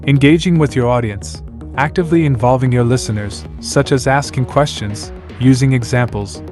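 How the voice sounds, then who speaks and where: A man giving a scripted narration in a measured, announcer-like way, walking through numbered points. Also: mid-range voice, a little mellow.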